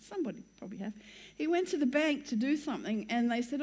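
A woman's voice: high voice, lively intonation, quick pace, a little mellow. Rambling older woman telling a testimony. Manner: rambling, self-interrupting, laughs often. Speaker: church speaker sharing her testimony. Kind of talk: chatty personal storytelling to an audience.

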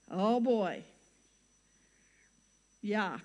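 An older woman speaks with a slightly high voice as she shares a personal testimony with a gathering. She rambles and keeps interrupting herself with chatty asides and laughs. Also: normal speed, a little mellow. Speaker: church speaker sharing her testimony. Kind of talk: chatty personal storytelling to an audience.

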